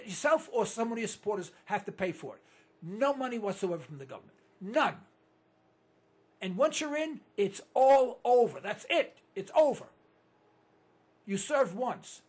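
New talk radio guy going hoarse, husky, ranting, voice jumps all over and goes up high. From New York. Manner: animated ranting, mocking voices, sudden loud outbursts. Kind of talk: ranting call-in radio monologue.

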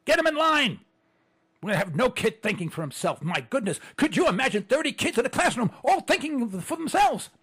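A political talk-show host delivers an impassioned monologue, ranting fervently and repeating phrases for emphasis. His very high-pitched voice is husky and fairly bright, animated and fast with few pauses, recorded on a computer setup.

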